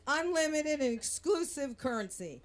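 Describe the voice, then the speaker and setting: A woman's voice: high-pitched, very animated. A middle-aged woman doing a brash, bawdy stand-up set. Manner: brash, bawdy, slow deliberate delivery. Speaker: stand-up comic.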